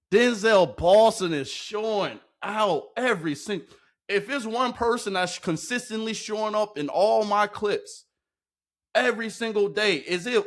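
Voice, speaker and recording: A man hosting a sports video, talking loudly and excitedly into a microphone while commenting on game clips in a slangy, hyped-up way. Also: high voice.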